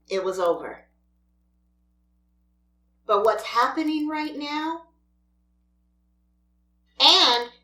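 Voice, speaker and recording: A woman's voice: mid-range voice, fairly bright tone, roomy sound. A woman mukbang vlogger ranting in an exasperated, scolding way at other creators while she eats. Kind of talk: ranting vlog while eating.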